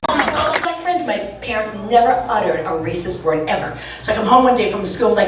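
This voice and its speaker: A brash woman from Brooklyn doing bawdy, animated stand-up comedy on a club stage. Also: medium pitch, normal speed, few pauses, recorded from a distance, music in the background. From Brooklyn, USA. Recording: echoey club from afar, audience.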